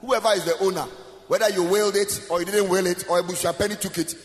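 Ghanaian male preacher, high voice, sing-song, animated sermon delivery, reverberant church sound. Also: quick pace. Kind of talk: sermon with interpreter. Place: church hall.

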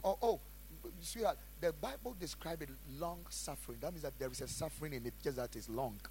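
A man preaching a sermon as a pastor, asking the congregation questions and swinging between shouted lines and quiet asides. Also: a little high, fairly quick, a little hiss or hum, low-quality recording. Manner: preaching with call-and-response questions.

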